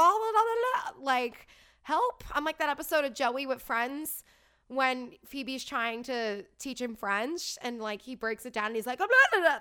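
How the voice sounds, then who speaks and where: Woman, thirties, casual chatty storytelling, gushing, high and crisp voice. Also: fairly bright tone. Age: 30s. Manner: bubbly, gushing, lots of "like".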